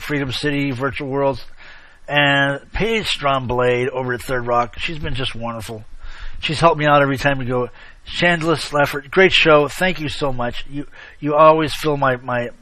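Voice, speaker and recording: Chatty male online show host, bright tone. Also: medium pitch, no echo. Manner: rambling, chummy, sarcastic asides, frequent shout-outs. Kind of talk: casual chat, rambling commentary.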